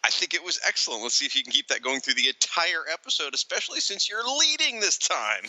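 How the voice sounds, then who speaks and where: A male podcast co-host chatting casually about comics, joking and laughing often. His pitch swoops widely and his voice is very bright. The delivery is loose and animated. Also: quick pace, no room sound, poor audio.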